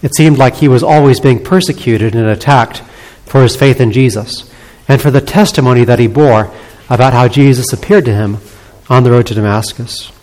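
A pastor reading scripture and leading a congregation in prayer, in a measured, solemn manner. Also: male voice, mid-range voice, darkish tone, low-quality recording. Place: church sanctuary.

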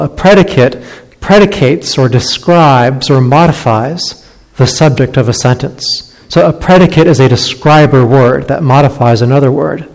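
A man's voice: medium pitch, darkish tone. Male preacher, mid-range voice, patient explanatory sermon delivery, recorded with long reverb. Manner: explanatory, slows down on key phrases. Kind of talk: teaching sermon on scripture.

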